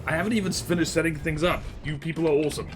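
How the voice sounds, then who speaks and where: A man streaming a game live, chatting casually and reading chat, yelping and rambling excitably. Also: on the high side, rapid-fire, slight background noise.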